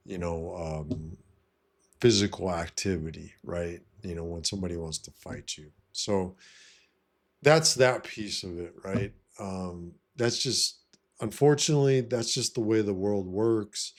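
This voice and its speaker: A deep-voiced man speaks a little slowly in a casual monologue to camera, handing out life advice as a vlogger. He's blunt, profane and swaggering, and he keeps saying "you know what I mean".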